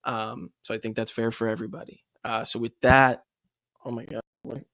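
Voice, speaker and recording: A man's voice: mid-range voice, level tone, normal speed, vocal fry, a bit bright, no echo, clean studio sound. Upbeat young man hosting a podcast. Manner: upbeat, laughs often, swears casually. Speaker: podcast host. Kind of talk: casual chat.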